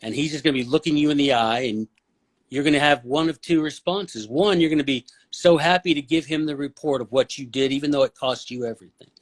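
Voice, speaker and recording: A man speaking as a podcast guest, blunt and opinionated, with a preachy, forceful way of making his point. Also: a little high, a little fast. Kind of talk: casual podcast conversation.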